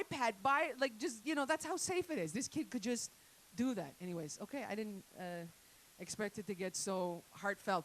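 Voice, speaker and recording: A woman's voice: fairly high pitch, normal speed, pushed and bright, poor audio. A woman doing a crude, rambling stand-up set with lots of asides to the crowd. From Italian-Canadian family. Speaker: stand-up comedian. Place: comedy night venue.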